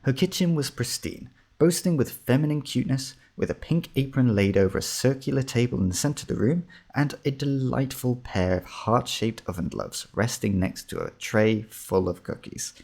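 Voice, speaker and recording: A man narrating a comic fantasy story in a steady, measured reading. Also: mid-range voice, gravelly.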